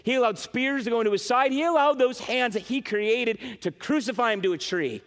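A man preaching a sermon as pastor, emphatic and animated, speaking straight to his congregation. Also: very high-pitched, a little fast, long reverb tail. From western New York.

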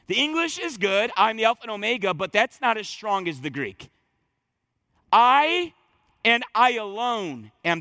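A man preaches a sermon with a high, bright voice. He talks emphatically, doubling words and restarting phrases as he drives each point home. The sound is close and dry. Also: no room sound. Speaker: pastor.

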